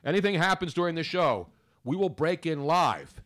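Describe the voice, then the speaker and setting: A man's voice: on the high side, lively intonation, normal speed, fairly bright tone. A man hosting a sports talk radio show, rambling and chatty in casual banter. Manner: rambling, chatty, talks over others.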